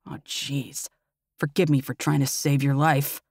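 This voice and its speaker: A hurt young fae man grumbles and wheezes through his replies, his voice pitched low and held back, put on by a woman narrating. The words come quietly and wryly. The sound is close and dry. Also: animated, normal speed, dry recording, natural voice. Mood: grumbling. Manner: low grumbling, breathy when in pain. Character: young male fae, wounded, wry and grumbling.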